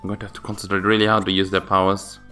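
A man's voice: low-pitched, monotone, very fast, bright, forceful tone, faint music behind. A man reading aloud for an anxious young girl summoner who talks to herself. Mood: worried.

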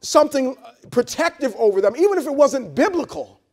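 High-voiced man preaching conversationally. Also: very animated, a little fast, darkish tone. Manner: conversational preaching with frequent repeats and call-and-response; blunt, joking asides to the congregation. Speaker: pastor. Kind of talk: sermon. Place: church service held in a hotel venue.

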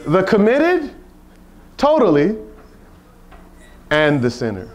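A man's voice: sits high, big pitch swings, slow. A man leading a Bible study at a retreat, preaching informally with rhetorical questions and playful asides.

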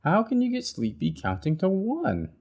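A man voicing a restless little bird who won't go to bed, in a high, squealing, bratty voice for a storybook reading. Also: wildly swooping pitch, normal speed, darkish tone, slightly rough, heavily acted. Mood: playful, whiny.

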